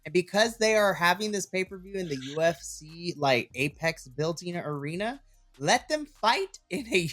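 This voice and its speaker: Thirtysomething guy recapping wrestling, animated, laughs a lot, soft music behind. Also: a little high. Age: 30s. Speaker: wrestling podcast co-host. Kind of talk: casual chat.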